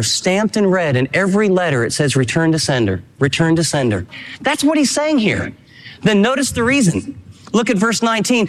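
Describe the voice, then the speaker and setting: A man delivers a sermon with emphatic, animated preaching. His voice sits high and leaps all over its range. Long reverb from a large hall trails behind each phrase. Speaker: pastor.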